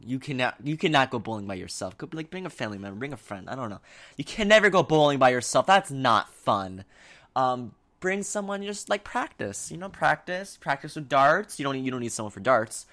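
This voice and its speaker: A young man talking casually in a vlog, giving advice in a rambling, animated way with lots of fillers and restarts. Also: medium pitch.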